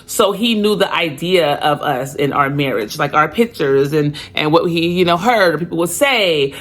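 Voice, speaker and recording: Woman podcast host, 40s, candid storyteller, casual and slangy. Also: deep voice.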